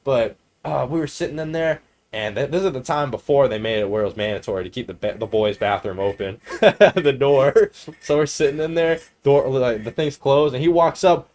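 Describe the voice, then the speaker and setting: A man's voice: medium pitch, normal speed, a little mellow. A man in his twenties, a podcast co-host, telling rambling, profane stories in casual chat and laughing often.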